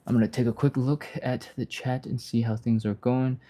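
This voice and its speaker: A man leads a live stretching session, walking through each move in a relaxed, conversational way. His voice is mellow and middle-pitched, and he laughs easily while chatting with viewers. Now and then he jumps into a high, panicky yelp to act out a nervous body. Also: moderate pace. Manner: casual, chatty, explains step by step, laughs often. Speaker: stretching instructor, live stream host. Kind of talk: live-streamed workout instruction, reading chat.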